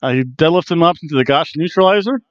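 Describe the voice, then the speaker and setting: A man's voice: on the high side, animated, fast, no room sound, lo-fi sound. A man hosting a wrestling review podcast, chatting casually in a rambling, self-deprecating way. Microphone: headphones on, desk mic.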